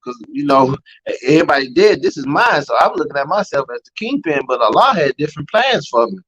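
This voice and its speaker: A man's voice: fairly high pitch, big pitch swings, fast talker, fairly bright tone, slightly rough, lo-fi sound. A man with a New Orleans accent, a guest telling his life story as an emotional personal testimony, acting out the voices of the people in it. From Louisiana. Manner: storytelling, acting out quoted voices, frequent "man" and "you know".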